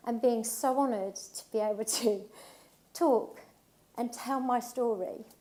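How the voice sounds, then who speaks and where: A woman's voice: on the high side, takes it slowly, mellow. A middle-aged woman from England giving an emotional, heartfelt personal talk at a live event, speaking emphatically with repetition.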